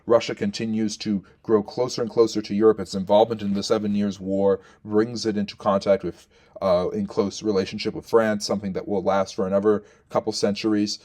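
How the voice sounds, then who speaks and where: A man's voice: fairly low pitch, flat delivery, fairly quick, darkish tone. A man talking as a historian, explaining and ranking rulers off the cuff, with many fillers and restarts as he thinks aloud. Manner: thinking aloud with frequent fillers and self-corrections.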